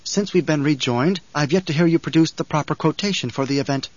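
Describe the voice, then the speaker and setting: A man's voice: a little high, dry recording, highs cut off, natural voice. A man reading a grave commanding young duke. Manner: formal, measured, commanding.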